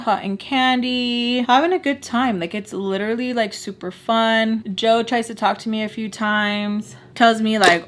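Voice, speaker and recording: A woman's voice: medium pitch, unhurried, hardly any pauses. Chatty young woman telling a storytime. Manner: chatty, filler-heavy, acts out quotes. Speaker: vlogger telling a nanny story. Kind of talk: casual storytime.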